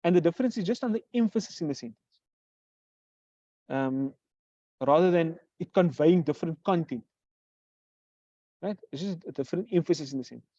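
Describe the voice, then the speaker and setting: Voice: medium pitch, expressive, mellow, dry recording. Teacher quizzing and self-answering, dull recording. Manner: asks questions and answers them; repeats example phrases slowly. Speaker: Arabic grammar teacher. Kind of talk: classroom lecture.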